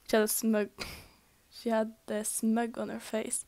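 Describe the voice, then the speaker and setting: A woman's voice: on the high side, completely flat delivery, unhurried, warm tone. A young woman reading a fanfic aloud in a casual, amateur way, stumbling and restarting, sometimes slipping into a whisper. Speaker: fanfic reader.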